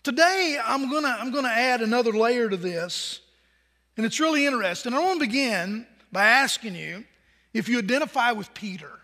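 Man, pastor, sermon, conversational, bright tone, long reverb. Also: very high-pitched, expressive, brisk. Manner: conversational, asks the congregation questions.

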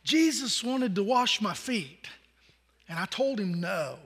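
A man's voice: high voice, sing-song, slow pace, a bit bright, breathy edge, long reverb tail, heavily acted. A preacher voicing a sheepish married fisherman who confesses his bad day to his wife.

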